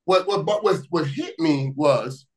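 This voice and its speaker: Animated storytelling man from Miami. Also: on the high side, a little slow, rough recording. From Miami, USA. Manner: lively, repeats words, bursts of laughter. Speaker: guest, former pro football receiver. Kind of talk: animated storytelling in casual conversation.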